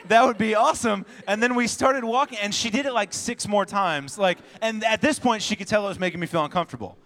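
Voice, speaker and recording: A young man preaches to a congregation, telling personal stories with animated energy and laughing often. His voice sits a little high, and he acts out each line of dialogue. The sound rings with the long reverb of a large hall. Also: fast. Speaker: pastor.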